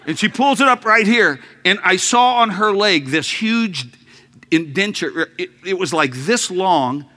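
A man preaching a sermon as a story, acting out voices with laughs and sudden shouts. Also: sits high.

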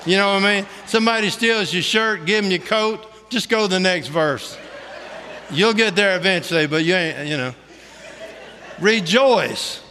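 A middle-aged man preaching a testimony sermon in a high, bright voice. He talks in a folksy, joking, colloquial way. His voice rings with the long reverb of a big hall. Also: moderate pace, slight background noise. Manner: folksy, humorous storytelling; colloquial Southern-style grammar, "ain't".

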